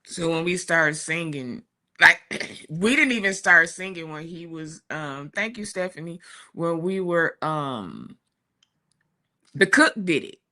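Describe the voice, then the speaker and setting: A woman's voice: low voice, expressive, slow pace. A woman in her forties on a talk show, telling a family story in a casual, chatty way. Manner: chatty, warm storytelling with laughs and asides. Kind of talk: casual chat. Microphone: streaming studio mic.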